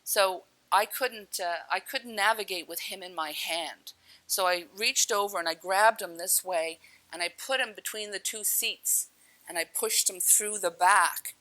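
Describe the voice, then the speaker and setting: Her voice is mid-range, bright, and forceful, and she takes her time as she gives a personal testimony of a near-death experience. She speaks candidly with occasional swearing and self-directed laughter, though the audio is poor.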